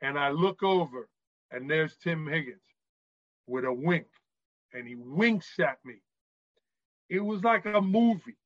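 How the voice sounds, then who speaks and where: A man from New York tells animated stories as a podcast guest, often checking in with "right?". His voice sits a bit high. The recording is dry and a little dull. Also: unhurried, pauses often, no echo. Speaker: guest, author and former referee. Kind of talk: storytelling in a podcast interview.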